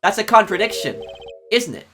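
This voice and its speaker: A man's voice: high voice, big pitch swings, a little fast, music in the background, pitched above the performer's own voice. A man reading a nervous young defense attorney. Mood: earnest.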